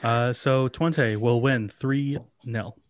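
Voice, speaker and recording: A man's voice: medium pitch, fairly even intonation, slow. A man co-hosting a casual football podcast, dropping dry, wry one-liners between his score picks. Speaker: podcast co-host. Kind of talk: casual sports chat.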